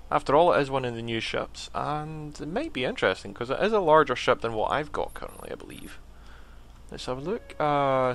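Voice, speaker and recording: A man, hosting a let's play and commenting on gameplay in a relaxed, thinking-aloud way. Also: mid-range voice.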